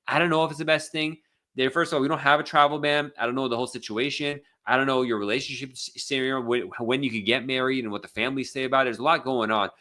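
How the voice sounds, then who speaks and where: Speaking fast, this man's mid-range voice sounds pushed and bright, with fairly even intonation. He's an immigration attorney from the United States running a casual live Q&A, reading viewer questions with lots of fillers and false starts.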